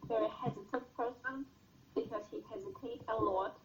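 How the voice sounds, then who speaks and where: A woman's voice: fairly high pitch, moderate pace, soft background music, poor audio. Woman student answering in class with hesitations. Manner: hesitant, searching for words.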